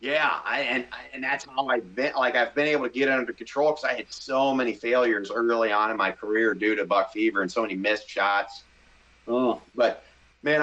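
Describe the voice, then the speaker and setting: A middle-aged man from the Midwest telling a story in a casual interview, animated and excitable, acting out his own thoughts. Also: medium pitch. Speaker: hunting show host, podcast guest. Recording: slightly dull podcast audio.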